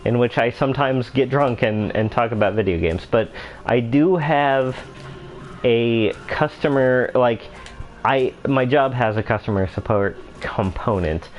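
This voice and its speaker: A man's voice: on the low side, muffled recording. A young man casually commenting on his gameplay while telling a rambling story, talking like a customer support rep. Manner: rambling, chatty storytelling with many fillers. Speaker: let's player.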